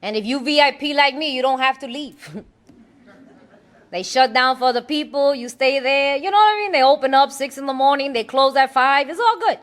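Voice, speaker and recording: Blunt high-voiced woman sharing her story. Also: expressive, normal speed, fairly bright tone. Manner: blunt, streetwise, laughing often. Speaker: recovery meeting speaker. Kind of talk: personal testimony talk.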